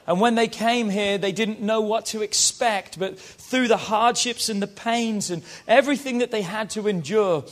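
A man's voice: high voice, moderate pace, hardly any pauses. A British man preaching as a pastor, rousing and calling on the congregation to repeat lines after him. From Britain. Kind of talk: sermon.

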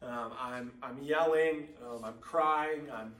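A man's voice: mid-range voice, takes it slowly, a bit bright. A young man preaching a sermon, telling a personal story in a casual way with frequent ums. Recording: echoey room, mic at a distance.

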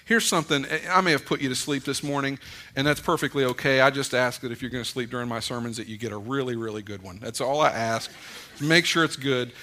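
A middle-aged man preaching a conversational sermon, mixing folksy stories and gentle humor into his points. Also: medium pitch, quick pace. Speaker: pastor.

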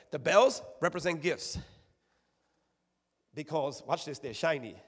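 A man's voice: a little high, a little slow. A man preaching a sermon, calling out to the congregation and repeating his phrases. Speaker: pastor. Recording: long echo of a church hall.

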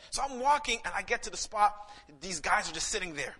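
A young adult man from Saint Lucia, a pastor preaching and telling personal stories, swelling to near-shouts and dropping soft again. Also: high-pitched, animated, a little fast, breathy edge. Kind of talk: sermon with personal storytelling.

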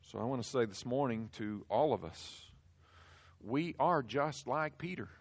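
A man preaching a sermon, walking the congregation through scripture and swinging from hushed to loud for emphasis. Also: medium pitch, lively intonation, measured pace. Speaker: pastor.

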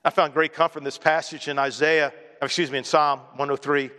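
Male pastor, bright forceful delivery, conversational sermon storyteller, long hall reverb. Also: fairly high pitch, little pitch movement, brisk. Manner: conversational storytelling preacher, mimics others with a raised voice.

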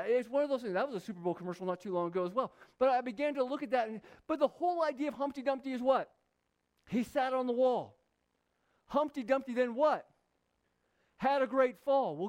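A man's voice: extremely high pitch, darkish tone. A man preaching a sermon, repeating key lines for emphasis. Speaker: pastor.

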